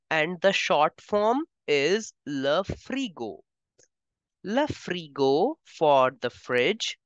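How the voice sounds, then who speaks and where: Woman, patient teacher, low smooth voice, dull lo-fi recording. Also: no echo. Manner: slow, careful, repeats each word twice. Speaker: French teacher. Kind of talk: vocabulary lesson.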